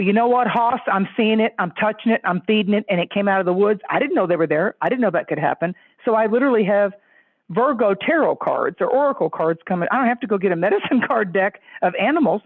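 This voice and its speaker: A woman's voice: animated, fast, no room sound. Effusive woman on a tinny phone line. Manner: effusive, jumps into high voices quoting others. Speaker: astrologer guest. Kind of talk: animated storytelling chat.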